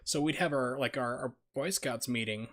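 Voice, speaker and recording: A man streaming a retro game, chatting casually in a rambling, filler-heavy way and quick to break into a rant. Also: medium pitch, a bit bright. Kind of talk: casual live-stream chat while gaming. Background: game music.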